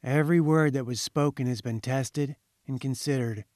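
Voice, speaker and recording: A man reading a haunting short story aloud in a measured, ominous storytelling manner. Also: mid-range voice, darkish tone, no room sound, studio quality. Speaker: audiobook reader. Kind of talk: scripted narration.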